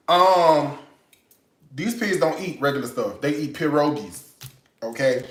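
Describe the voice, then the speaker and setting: A man's voice: on the high side, a little slow, pauses often, roomy sound. A man hosting a home cooking demo, chatty and playful, with teasing jokes between steps. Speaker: cooking show host. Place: home kitchen.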